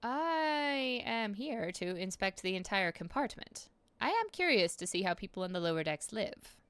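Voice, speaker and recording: A woman's voice: medium pitch, very animated, moderate pace, fairly bright tone, clean tone, dry recording. A woman voicing a haughty female starship captain who gives grand, proclamatory lines from a game. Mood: lofty.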